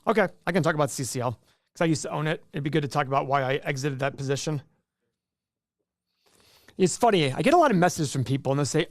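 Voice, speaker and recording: A man's voice: on the high side, lively intonation, fast talker, dry recording, studio quality. Chatty joking male livestream host. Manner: chatty, jokey, self-interrupting. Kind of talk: casual livestream chat.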